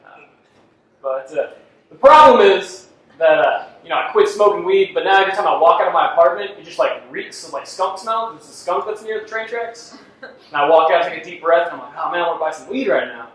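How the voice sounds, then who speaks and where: A man's voice: high-pitched, expressive, fairly quick, a bit bright. A man performing a self-deprecating stand-up comedy set, laughing at his own jokes on a club stage. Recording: echoey club from far off with faint noise.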